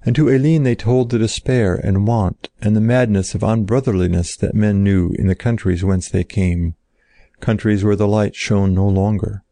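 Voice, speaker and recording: A man reading an old-fashioned story aloud in a slow, solemn narrating style. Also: lowish voice, fairly even intonation, warm tone, no echo.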